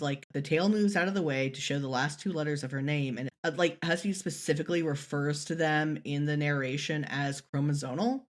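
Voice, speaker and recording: A woman co-hosting a casual podcast, talking in a rambling, animated way and swearing casually. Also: deep voice. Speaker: podcast co-host.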